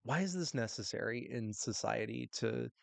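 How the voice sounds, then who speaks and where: A man's voice: medium pitch, animated, normal speed, creaky, dry recording. A young man from the United States hosting a solo sports podcast, rambling and restarting sentences and laughing at himself. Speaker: podcast host. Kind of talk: solo casual sports talk.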